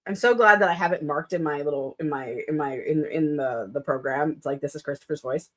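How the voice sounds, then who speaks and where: A woman's voice: low-pitched, a little fast. A woman author chatting casually on a writing stream, rambling with many fillers and self-corrections, laughing often. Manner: laughs often between sentences. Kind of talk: casual chat.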